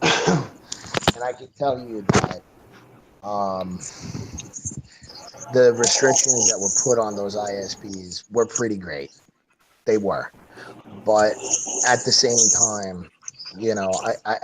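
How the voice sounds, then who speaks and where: Low guy on a podcast, swears a lot, stumbles over words, bit of hiss behind him. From New York. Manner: swears freely, repeats words, laughs often. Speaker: podcast co-host. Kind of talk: casual chat.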